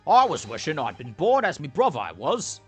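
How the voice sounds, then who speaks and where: A man's voice: a little high, huge pitch swings, a little fast, a bit bright, husky, faint music behind, full character voice. A man voicing a shifty male Cockney street thug in a game let's play, with a put-on Cockney accent and an evasive, blustering manner. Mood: grumbling.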